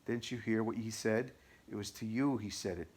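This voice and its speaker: A man voicing an abusive, taunting male devil in an audiobook, shrill and whining. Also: normal speed, darkish tone, slightly rough. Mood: fearful. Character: raging taunting male devil possessing a woman. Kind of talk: audiobook reading.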